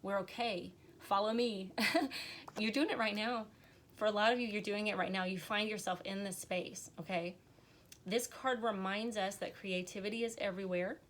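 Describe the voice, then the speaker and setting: A woman in a live-streamed tarot reading, talking to her viewers with earnest encouragement. Her voice sits in an ordinary middle range, and her heartfelt, emotional delivery gives the reading its warmth. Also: mid-range voice. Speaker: tarot reader.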